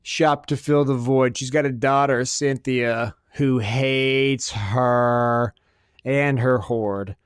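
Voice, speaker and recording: A man's voice: mid-range voice, fairly even intonation, slow pace, smooth, no echo, studio quality. A man hosting a podcast, ranting crudely and sarcastically and swearing constantly. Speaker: podcast host. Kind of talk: profane comedic rant.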